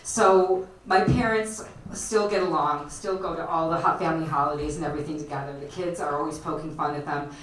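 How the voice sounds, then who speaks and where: A woman's voice: sits low, steady tone, fairly quick, few pauses. A woman from the Chicago area telling a personal story on stage at a storytelling night, chatty and laughing often, with lots of fillers. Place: storytelling night at a bar venue. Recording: echoey live room, distant mic, faint noise.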